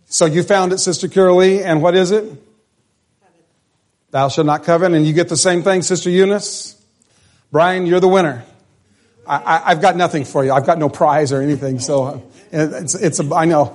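A man's voice: fairly high pitch, steady tone, a little fast, a little mellow. A male pastor preaching a conversational sermon in a church, asking the congregation questions as he goes. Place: church sanctuary.

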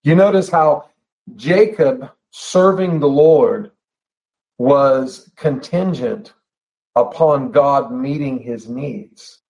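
A man's voice: medium pitch, gravelly, darkish tone. Earnest preaching man, slightly muffled. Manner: earnest, emphatic, repeats phrases and slows down for stress. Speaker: pastor. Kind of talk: sermon. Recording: slightly dull lo-fi sound.

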